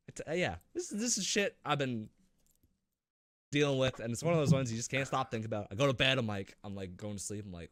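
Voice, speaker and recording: Animated swearing podcast co-host, man. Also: fast, no echo. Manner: animated, swearing, acts out his own reactions in a loud high voice. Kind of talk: casual chat.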